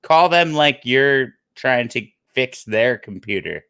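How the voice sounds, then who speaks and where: A man's voice: mid-range voice, animated, takes it slowly, a bit bright, clean tone. A man in casual podcast chat who teases, laughs easily and swears bluntly.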